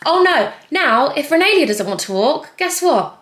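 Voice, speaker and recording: A woman's voice: fairly high pitch, sing-song, moderate pace, a bit bright. A young pregnant woman chatting casually through a Q&A while doing her makeup, rambling and laughing often. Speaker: vlogger. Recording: echoey room.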